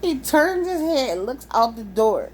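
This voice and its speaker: A young woman telling a wild personal story in a casual, animated, profane way, laughing often. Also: high voice, measured pace, a little hiss or hum.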